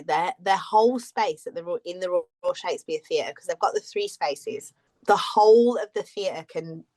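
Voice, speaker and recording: A woman with a fairly low voice co-hosts a relaxed podcast chat. She rambles through her stories and laughs often as she talks. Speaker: podcast co-host. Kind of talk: casual chat.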